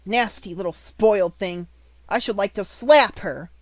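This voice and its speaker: A man's voice: high voice, a little slow, fairly bright tone, no room sound, voice pushed up. A man voicing a spiteful, bossy schoolgirl who sneers and commands. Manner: scornful, commanding.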